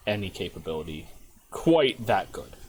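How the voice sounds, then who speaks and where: A man narrating a tabletop game as game master, in a relaxed storytelling manner. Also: low-pitched, moderate pace, slight background noise.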